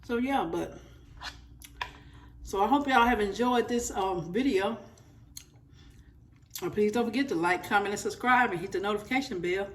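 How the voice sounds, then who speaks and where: In her home kitchen, a woman cooks and samples food while chatting with her audience, calling them "y'all" directly. This cooking vlogger has a slightly high voice, captured from a distance.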